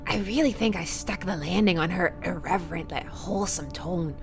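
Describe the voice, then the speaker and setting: A woman's voice: on the low side, moderate pace. Playful woman joking around, mock-proud, music under her. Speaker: let's play co-host. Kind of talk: casual chat.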